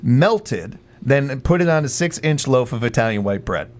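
A man's voice: mid-range voice, expressive, moderate pace, noisy background. A man hosting a morning radio show, chatty and jokey in casual banter.

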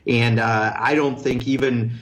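A man's voice: medium pitch, fairly even intonation, measured pace, low-quality recording. A man, a congressman, answering callers on a radio show in a blunt, earnest way with many fillers. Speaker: congressman guest.

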